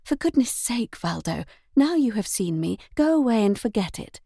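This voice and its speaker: A woman's voice: on the high side, sing-song, normal speed, gravelly, warm tone, slightly rough, no echo, clean studio sound, voice pushed up, exaggerated voice. A woman reading the lines of a proud young governess, speaking demurely and coolly in a storybook reading. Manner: demure and cool.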